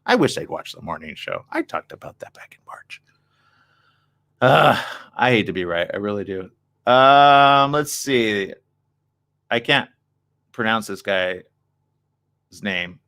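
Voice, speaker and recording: A man's voice: fairly low pitch, measured pace, creaky, long pauses, fairly bright tone. A man hosting a live morning show, reading news items aloud and adding chatty, wry asides. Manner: chatty, wry asides between read passages.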